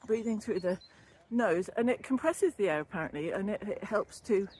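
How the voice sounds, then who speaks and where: This older woman speaks in a mid-range, darkish voice with lively intonation and a moderate pace as she walks by a canal, a little out of breath. The wellbeing vlogger, once a yoga teacher trainee, chats loosely and laughs often about wellbeing. Her phone or camera's own mic adds a little hiss or hum.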